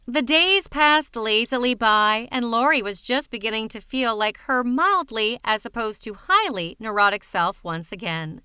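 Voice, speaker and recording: A woman narrating an audiobook in an even, wry storytelling manner on a close studio mic. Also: a little high, unhurried, few pauses, smooth, no echo.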